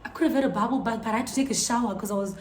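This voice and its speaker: Girl doing a storytime vlog, kinda high voice, animated and disbelieving, roomy echo. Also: racing, a little hiss or hum. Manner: animated, incredulous storytelling to viewers. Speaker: vlogger. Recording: echoey room.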